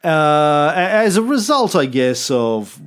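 A man's voice: on the high side, big pitch swings, takes it slowly, clear, resonant tone. A man co-hosting a history podcast, explaining events in a casual, rambling way with many fillers and self-corrections. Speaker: podcast co-host.

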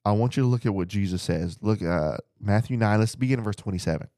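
Earnest low-voiced male preacher. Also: fast, dark tone, no room sound, studio quality. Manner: earnest, repeats phrases for emphasis. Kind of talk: bible teaching to listeners at home.

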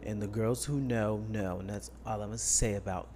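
A man's voice: on the low side, fairly even intonation, fairly quick, dark tone, a little hiss or hum. A young man co-hosting a podcast, casually telling an irritated, sassy story. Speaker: podcast co-host.

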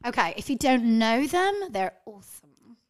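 A woman's voice: fairly high pitch, very animated, moderate pace. A woman guest on a podcast, chatting casually in a brash, profane, teasing way.

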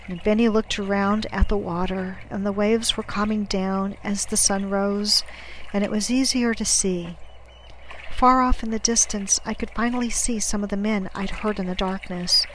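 A woman narrates an audiobook in the first person with a steady, medium-pitched voice. Her delivery is measured and dramatic, dropping to a near-whisper at tense moments, and the audio is poor with faint background noise.

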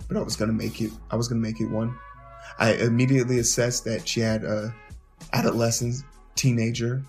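In this storytelling monologue, a male podcast host swears freely and speaks with animation, frequently stumbling and repeating himself at the start of his sentences. His pitch sits in the medium range.

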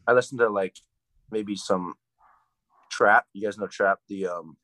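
A young man, a college wrestler, chatting fast and hyped in a casual interview, rambling with lots of fillers. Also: on the low side, fairly bright tone, no room sound, rough recording. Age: young adult.

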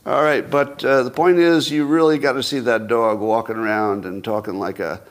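A man's voice: medium pitch, fairly even intonation, moderate pace. Chatty self-mocking older male host. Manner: rambling, self-mocking, chuckles often. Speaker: podcast host. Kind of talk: casual solo commentary.

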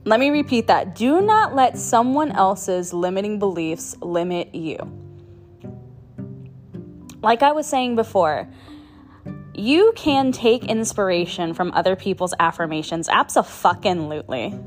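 A woman's voice: medium pitch, lively intonation, unhurried, soft background music. A woman hosting her own podcast, talking in a casual motivational monologue, chatty, laughing often and swearing for emphasis. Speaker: podcast host.

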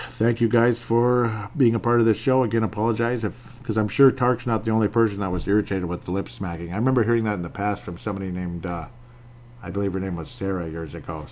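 Rambling podcast host with a lowish voice. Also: male voice, fairly even intonation, fairly quick, darkish tone. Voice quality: audible lip smacking. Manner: rambling, self-deprecating, laughs often. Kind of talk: casual solo podcast monologue. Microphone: home podcast microphone.

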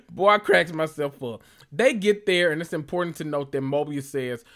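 A man recapping a TV episode for his channel in a loose, casual reaction style. He talks with a sassy, animated edge and swears freely, and his voice sits a little higher than most men's. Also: moderate pace. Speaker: recap vlogger.

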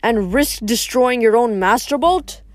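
A woman reading aloud, voicing a calm, distant male sea god who speaks in a measured way. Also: fairly high pitch, no echo, studio quality, natural voice.

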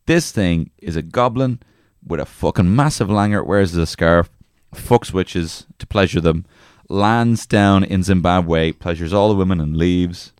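A man co-hosting a comedy podcast, rambling and crude with halting restarts. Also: low-pitched, darkish tone, clean tone, dry recording, studio quality. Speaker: podcast co-host. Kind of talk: casual comedy chat.

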